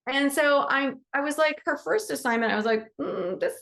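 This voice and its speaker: An animal Reiki teacher hosts a group support call, talking briskly in a creaky voice that sits high. She is chatty and animated, acting out quoted dialogue as she gives motivational, affirming encouragement in a casual way.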